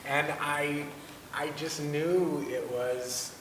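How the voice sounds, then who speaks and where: Guy in a class telling a story, halting and self-mocking, far from the mic, rumbly noise. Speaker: class participant. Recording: distant, echoey hall with noise.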